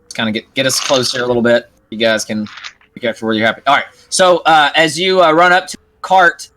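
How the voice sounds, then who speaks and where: A man running a tabletop game as game master, narrating haltingly with many fillers. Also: mid-range voice, fairly even intonation, bright, forceful tone, no room sound. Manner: halting, full of fillers and hedges.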